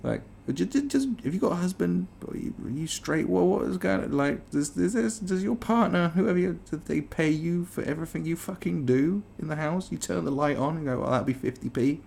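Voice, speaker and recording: A man's voice: high-pitched, expressive, brisk, creaky, few pauses, darkish tone, a little hiss or hum. A British man ranting in disbelief as he reads and reacts to an article, swearing often. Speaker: commentary host. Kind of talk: reaction commentary.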